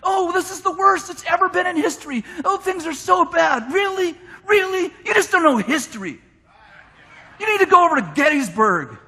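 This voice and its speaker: A man preaching a lively sermon, shouting his points and mimicking complainers in mock voices. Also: very high-pitched, moderate pace. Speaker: pastor. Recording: long hall reverb from a church.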